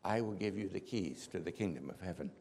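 A man's voice: deep voice, animated, creaky, a little mellow, slightly rough, voice pushed down, heavily acted. A man voicing grave, authoritative Jesus. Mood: solemn. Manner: solemn and measured. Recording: long hall reverb.

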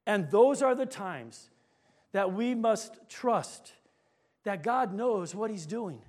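Man, pastor, sermon, very high voice, storytelling, emphatic pauses. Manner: storytelling preacher, slows for emphasis, rising to shouts in anecdotes.

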